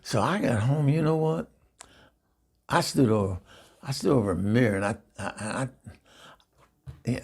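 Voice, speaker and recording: A man's voice: medium pitch, gravelly, slightly rough, heavily acted. A man playing Eunice, a bawdy, chatty middle-aged woman, telling a rambling comic story full of stammered restarts. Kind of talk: comedy character monologue.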